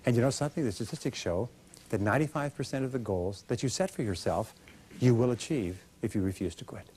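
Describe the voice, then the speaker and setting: Speaking fast in a medium-pitched, darkish voice, a motivational speaker drives his seminar talk with emphasis, rhetorical questions, and lines the audience repeats. A faint hiss or hum can be heard.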